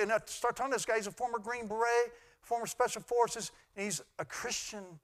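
A middle-aged man, a pastor, preaching a sermon in an earnest way that swings from loud to hushed. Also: very high-pitched, fairly quick.

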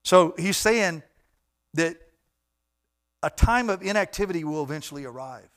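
A man's voice: on the high side, brisk, a bit bright. Emphatic man preaching a sermon. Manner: emphatic and repetitive, exhorting the congregation. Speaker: pastor.

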